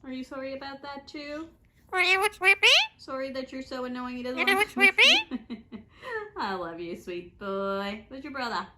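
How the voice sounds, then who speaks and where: A woman's voice: sits high, lively intonation, moderate pace, long pauses, slight background noise. A woman at home talking baby talk to her pet parrots. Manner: sing-song baby talk to birds. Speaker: pet owner. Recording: loud parrot squawks behind.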